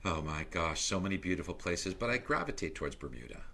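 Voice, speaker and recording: A middle-aged man as a podcast guest, telling stories in a lively, animated way that grows loud and excited. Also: deep voice, quick pace, background noise. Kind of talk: casual interview storytelling.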